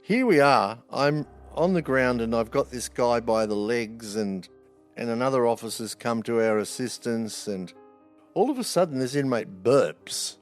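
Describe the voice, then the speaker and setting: A man, a former prison officer, spins stories in a blunt, wry way, swearing freely. His voice sits at a middling pitch. Soft music runs faintly behind him. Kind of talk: anecdotal storytelling.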